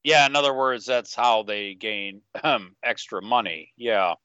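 Male co-host with a sharp, bright tone; rambles and drops into quick character asides; dull, dry lo-fi sound. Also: lowish voice, clear, resonant tone, dry recording. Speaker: podcast co-host. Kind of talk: casual podcast chat.

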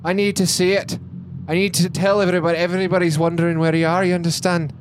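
A man's voice: high voice, flat delivery, quick pace, noisy background, voice pushed up, lightly acted. A man voicing Rhea, a proud woman knight who speaks formally and insistently.

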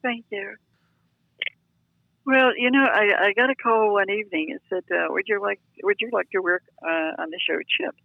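An older woman telling lively, self-deprecating stories as a guest, heard over a phone line. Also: medium pitch, normal speed, creaky, no echo. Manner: chatty, self-deprecating, animated. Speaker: guest storyteller. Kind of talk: anecdotal storytelling.

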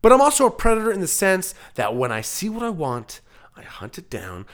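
A man's voice: mid-range voice, sing-song, brisk, a bit bright. A man from Canada hosting his own comedy podcast alone, rambling through jokey digressions and interrupting himself. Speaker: podcast host and producer.

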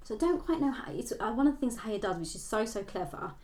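A woman's voice: fairly high pitch, animated, fast, darkish tone. Hesitant woman in her thirties. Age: 30s. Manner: hesitant, restarts mid-sentence. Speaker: podcast co-host. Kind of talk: casual book chat.

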